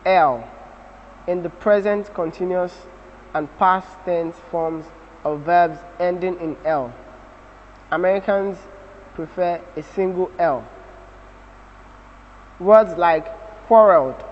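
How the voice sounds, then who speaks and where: A man with a Nigerian English accent teaching a spelling lesson, slowly repeating example words and spelling letters out. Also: high-pitched, a little hiss or hum. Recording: dull audio with long reverb.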